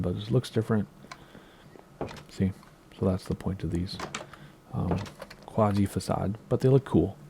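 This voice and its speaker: Gravelly American man touring a game build. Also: fairly low pitch, slight background noise. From United States. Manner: relaxed, rambling, many ums and asides. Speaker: Minecraft video creator. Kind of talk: casual gameplay tour commentary.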